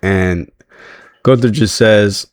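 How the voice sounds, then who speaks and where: Chatty man with a lowish voice. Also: takes it slowly, no echo, studio quality. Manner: chatty, laughs often, frequent restarts. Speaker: wrestling recap reviewer. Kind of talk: casual show recap.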